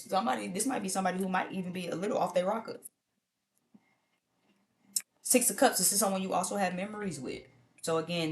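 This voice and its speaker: A woman's voice: fairly low pitch, slight background noise. A woman giving a casual tarot reading to viewers in a blunt, profane, conversational way. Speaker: tarot reader.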